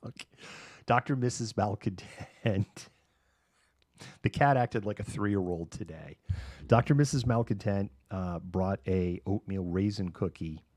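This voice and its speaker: A man with a somewhat low, slightly mellow voice hosts his own live show, speaking at a measured pace as he rambles through a story. He laughs often and does voices for the people in his anecdotes. The studio-quality recording has no echo.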